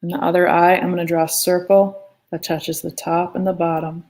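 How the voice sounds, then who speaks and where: A woman's voice: lowish voice, flat delivery, brisk, a little mellow. A woman teaching a live online drawing lesson in a chatty, playful way, talking as she draws. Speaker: art teacher. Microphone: phone.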